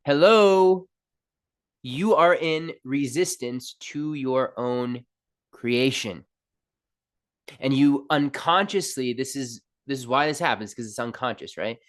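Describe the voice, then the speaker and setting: A man's voice: medium pitch, measured pace, fairly bright tone. A man hosting a spiritual self-help podcast, talking straight to the listener in an emphatic, playful way. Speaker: podcast host and spiritual counselor. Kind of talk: motivational spiritual talk.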